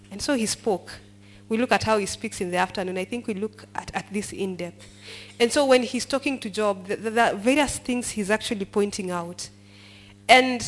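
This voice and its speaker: There's a little hiss or hum as a mid-range-voiced woman leads a Bible study. Blending Swahili with English, she reads verses, explains them, asks the group questions, and has them finish lines.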